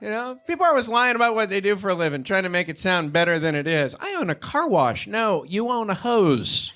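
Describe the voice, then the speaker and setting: A man's voice: high voice, fairly quick. A young man doing a live stand-up routine on a comedy club stage, acting out the people in his stories. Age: young adult. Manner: animated storytelling, acting out voices. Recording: noisy live stage recording.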